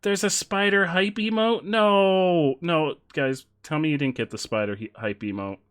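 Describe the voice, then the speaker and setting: A man's voice: fairly high pitch, normal speed, a bit bright, clean tone. A male streamer chatting casually with his viewers while playing, joking and laughing often. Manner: joking, laughs often, reads chat aloud. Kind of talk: casual live-stream chat while gaming.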